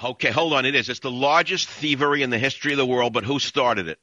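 A man's voice: mid-range voice, fast, pushed and bright, no echo. A man hosting a talk radio show, ranting and sarcastic as he cuts in on callers. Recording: dull lo-fi broadcast audio.

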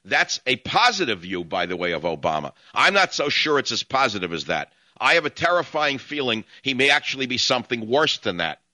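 Man, talk radio host, combative rants, forceful bright tone, dry studio sound. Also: mid-range voice, very animated, fairly quick, few pauses, no room sound. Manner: combative, ranting monologues. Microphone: studio mic.

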